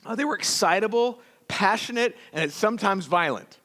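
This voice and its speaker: A man preaching a sermon as pastor, telling stories in a folksy, animated way with acted-out quotes. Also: high-pitched, moderate pace. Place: church sanctuary.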